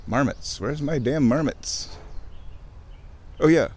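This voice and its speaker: A man talking in a rambling, excitable casual monologue while walking outdoors by a creek, interrupting himself and swearing casually. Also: mid-range voice, takes it slowly. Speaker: vlogger.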